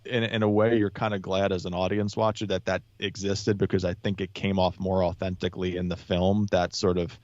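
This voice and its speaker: Man, podcast guest, very low voice, rambling delivery, muffled lo-fi mic. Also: little pitch movement, brisk, hardly any pauses, darkish tone, no echo. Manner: rambling, with many restarts and fillers. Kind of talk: casual chat.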